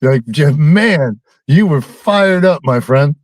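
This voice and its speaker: Guy calling into a sports show, bit higher voice, rambles and teases, lots of ums, dry sound. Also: animated, slow pace, no echo. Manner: rambling, teasing, many ums. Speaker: caller. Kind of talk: phone-in chat with a host.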